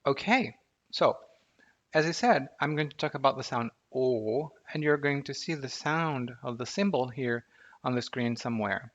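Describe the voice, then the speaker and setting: A man teaches pronunciation in a relaxed, chatty video lesson, drawing out each vowel slowly so viewers can copy it. His voice sits at an ordinary middle pitch, and the recording sounds a little dull and lo-fi. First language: Portuguese. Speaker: language teacher.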